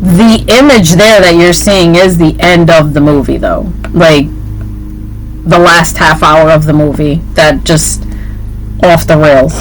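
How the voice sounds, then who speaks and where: A woman's voice: low-pitched, measured pace, soft background music, low-quality recording. A woman co-host in casual chat, rambling and laughing often.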